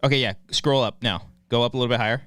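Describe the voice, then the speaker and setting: A man's voice: medium pitch, very fast, a bit bright, no echo. A man hosts a loose, joking chat show with a dry, close sound and a mid-range voice. He reads out the live chat, rambles and trips over his own words in a playful way. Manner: rambling, playful, hedging and restarting. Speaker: podcast co-host reading the live chat. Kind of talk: casual chat.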